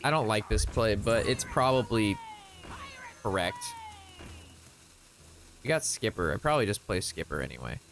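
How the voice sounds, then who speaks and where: A man's voice: fairly low pitch, moderate pace, vocal fry, pauses often, slight background noise. Rambling man telling a story while gaming. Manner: rambling, animated retelling with quoted voices. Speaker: gaming streamer. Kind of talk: casual gameplay commentary with storytelling.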